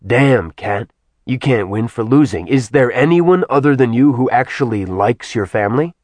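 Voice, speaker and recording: Man voicing a sardonic ancient god, close to his own voice, lively pitch, dry sound. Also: moderate pace, no echo, natural voice. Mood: wry. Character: wry ancient male god, dry and amused.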